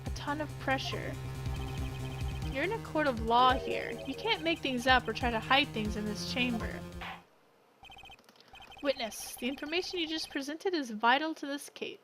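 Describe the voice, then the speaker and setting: A woman's voice: high-pitched, animated, moderate pace, pauses often. A woman reading a smug male prosecutor. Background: game music.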